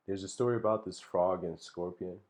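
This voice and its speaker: Deep-voiced guy rambling through a story in a talk, super laid-back, keeps restarting his sentences. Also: steady tone, normal speed, darkish tone. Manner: chuckles between phrases. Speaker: speaker giving a talk. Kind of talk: casual spoken storytelling and reflection.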